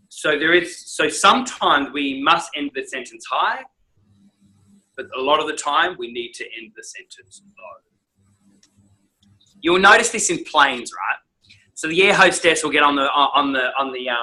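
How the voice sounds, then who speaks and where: A man, a speaking coach, giving an enthusiastic, animated training talk with emphatic delivery. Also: a little high, rough recording.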